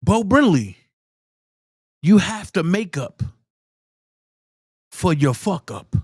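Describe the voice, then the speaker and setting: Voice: mid-range voice, very animated, slow, slightly rough, no echo, studio quality. A live-stream host giving blunt, profane commentary and repeating pointed rhetorical questions for emphasis.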